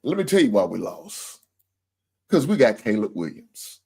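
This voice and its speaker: A man's voice: on the low side, very animated, normal speed, gravelly, warm tone, slightly rough. A man hosting a livestream sports show, venting with profane, heated talk about his team's loss and calling out viewers directly. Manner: addresses viewers and super chat senders directly.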